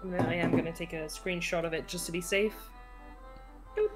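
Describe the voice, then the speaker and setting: A woman's voice: lowish voice, fairly even intonation, fairly quick, over music. A woman playing a co-op game with a friend on stream, chatty and giggly as she tells stories. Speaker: stream moderator and co-op partner. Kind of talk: casual gaming chat.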